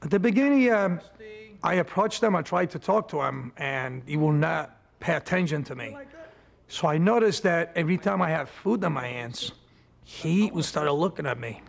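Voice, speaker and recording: A man telling about winning a dog's trust in an animated, casual interview. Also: on the high side, moderate pace, creaky. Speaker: dog owner.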